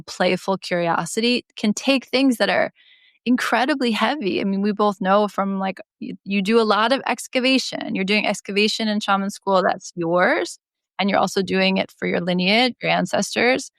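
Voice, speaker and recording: A woman's voice: medium pitch, creaky, no echo, clean studio sound. A woman guest in a podcast conversation, speaking thoughtfully and searching for words as she goes. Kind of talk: casual chat.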